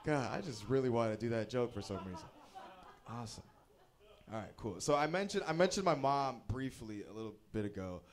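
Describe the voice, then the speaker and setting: Brisk and medium-pitched, a young man works through a stand-up set in a small comedy venue at a bowling alley. He tells animated, self-deprecating stories and plays with sudden swings in his voice.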